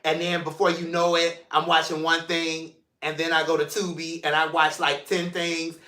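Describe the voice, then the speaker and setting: A man hosts his own vlog in a loose, playful, affectionate way, speaking straight to his viewers. His voice sits a bit high and sounds vivid and bright. The room around him is noticeably echoey. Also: completely flat delivery, moderate pace. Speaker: mental health show host. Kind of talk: casual solo vlog talk. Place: seated in a room at home.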